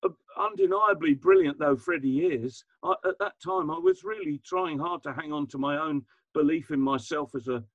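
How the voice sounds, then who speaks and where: A man in his seventies, a guest musician, talking reflectively in an interview, self-deprecating and halting with many restarts. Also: on the high side, huge pitch swings, creaky, dry recording, muffled recording.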